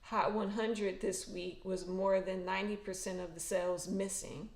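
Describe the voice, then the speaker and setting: A woman's voice: mid-range voice, steady tone, normal speed. A woman hosting a casual livestream, chatting emotionally and colloquially with frequent restarts. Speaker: tarot reader and fan livestream host. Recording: echoey room.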